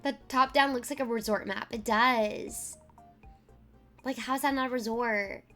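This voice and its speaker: A woman's voice: fairly high pitch, fairly even intonation, measured pace, bright, forceful tone, faint music behind. A young woman streamer chatting and joking as she reacts live, with frequent fillers.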